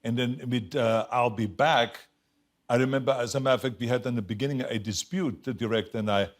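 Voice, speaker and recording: A man's voice: mid-range voice, a little fast. Older guy w/ thick austrian german accent, chatty talk show guest, laughs a lot, acts out quotes. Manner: animated storyteller, acts out quotes, laughs often. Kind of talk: casual chat. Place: TV studio with audience.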